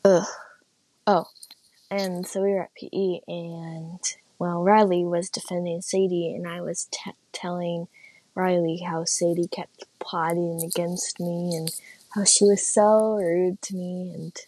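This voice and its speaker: A woman's voice: fairly low pitch, flat delivery, measured pace, dark tone. A teenage girl telling a personal story in a casual, rambling way, full of fillers, sometimes dropping into a whisper. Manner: chatty, rambling, full of "like", drops into whispered asides. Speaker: vlogger.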